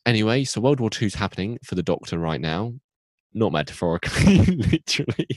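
Brief: young podcast guy, low voice with a big swooping range, goofy rambling recap, dry close sound. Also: animated, brisk, a little mellow, no room sound. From United Kingdom. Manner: rambling, self-interrupting, acts out characters in goofy voices. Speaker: podcast co-host recapping an episode. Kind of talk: casual comic recap.

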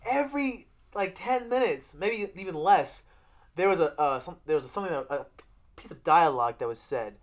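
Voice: medium pitch, normal speed. Rambling, profane podcast co-host. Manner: profane, rambling, with animated retellings. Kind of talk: casual chat reviewing a TV series.

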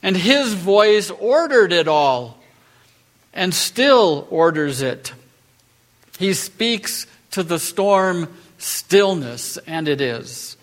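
A man's voice: fairly high pitch, fairly bright tone. A man preaching a sermon from the pulpit, emphatic and building to rising, rhetorical lines. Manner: emphatic, rhetorical questions, rising on key phrases. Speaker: pastor. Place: church.

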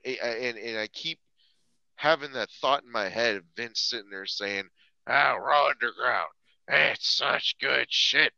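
Bright-voiced man ranting on a podcast. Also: medium pitch, no echo, muffled recording. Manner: animated, profane, frequent restarts and stammers. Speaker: podcast co-host. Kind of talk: casual podcast rant.

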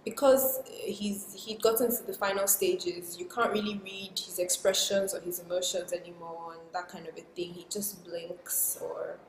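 A woman in casual podcast chat, telling a personal story in a soft, reflective way that trails into quiet asides. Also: lowish voice, little pitch movement, normal speed, few pauses, slight background noise. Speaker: guest sharing a personal story. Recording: roomy with long reverb.

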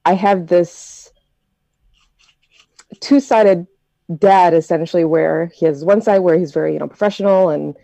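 American woman, mellow low voice, dry close sound, chatty storyteller in a group talk. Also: measured pace, creaky, long pauses, dry recording, dull audio. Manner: chatty, reflective storytelling with many fillers. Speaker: discussion participant. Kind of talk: casual group discussion.

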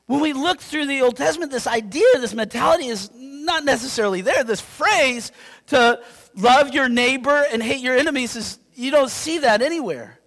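A man from Yakima preaching a sermon as pastor, animated and conversational, checking in with his listeners. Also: very high voice. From Yakima, Washington. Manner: animated, conversational, keeps asking "right?". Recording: long reverb in a hall.

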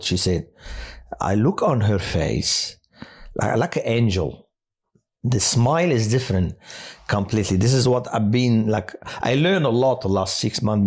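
Husky low-voiced chaplain guy telling stories, stops and restarts a lot. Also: a little mellow. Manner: halting, with many restarts and fillers. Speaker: hospital chaplain. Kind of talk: personal testimony on a podcast.

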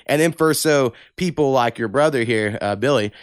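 Podcast host, man, smooth voice, dry close mic, blunt and profane chatter. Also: mid-range voice, normal speed, dry recording. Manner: blunt, heavy cussing, animated rants. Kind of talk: casual podcast chat, reading listener emails.

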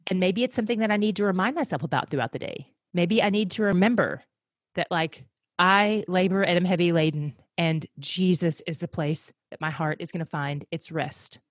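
A woman from the United States talking casually as an interview guest, animated and fond of acting out voices. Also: lowish voice, brisk, no echo, studio quality. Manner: animated, acts out voices when telling a story.

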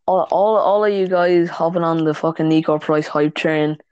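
A man's voice: a little high, fairly even intonation, moderate pace, a little mellow, smooth, dry recording, dull audio. A man co-hosting a casual podcast, talking fight sports, swearing and laughing often. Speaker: podcast co-host. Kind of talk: casual chat.

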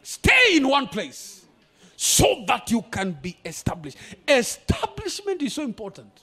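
A middle-aged man, preaching a sermon as a visiting pastor at a church service, declaring prophecies in shouted bursts. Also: very high voice, huge pitch swings, measured pace, breathy edge. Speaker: guest pastor.

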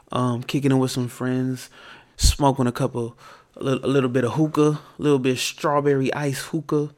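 A man hosting his own podcast, telling a story in a casual monologue and ranting with plenty of profanity. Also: mid-range voice. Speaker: podcast host.

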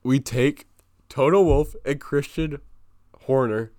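A man's voice: mid-range voice, slow pace, darkish tone, dry recording, studio quality. A man co-hosting a casual chat, joking around and laughing often. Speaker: podcast co-host.

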